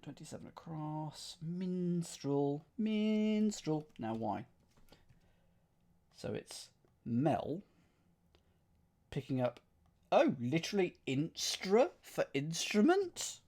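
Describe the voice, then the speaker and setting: A man's voice: a little high, big pitch swings, slow, long pauses, darkish tone, husky. A man streaming himself solving a cryptic crossword, reading clues aloud and musing over the wordplay. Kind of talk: thinking aloud while solving.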